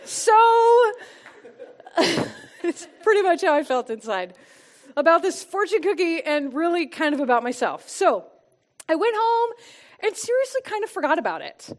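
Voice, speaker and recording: A woman with a high voice gives a personal testimony and teaching at a church gathering. She speaks earnestly and from the heart, letting her voice sink soft and quiet to stress a point. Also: sing-song, normal speed. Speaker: church small-group speaker.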